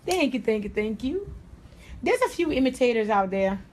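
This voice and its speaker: A woman's voice: on the high side, very animated, moderate pace, a little mellow, a little hiss or hum. A middle-aged woman hairstylist with a New York accent teaching on a live stream, blunt, confident and streetwise. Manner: blunt, confident, streetwise, with Southern-tinged slang. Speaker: hairstylist and salon owner. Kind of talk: livestream haircut tutorial.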